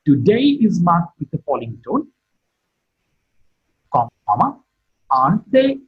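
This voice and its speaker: A man's voice: a little high, wildly swooping pitch, slow, husky, muffled recording. A man giving an online phonetics lecture, explaining step by step and repeating example sentences with stress. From India. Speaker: university lecturer.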